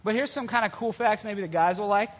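A man gives a sermon to young listeners in a loose, storytelling manner, his voice high and husky. The recording is dull and carries the long reverb of a big hall. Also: a little fast. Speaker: youth preacher. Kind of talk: sermon retelling a Bible story.

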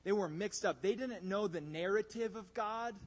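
A man with a high-pitched voice preaches a sermon at normal speed, animated and emphatic. He swings between loud bursts and hushed asides.

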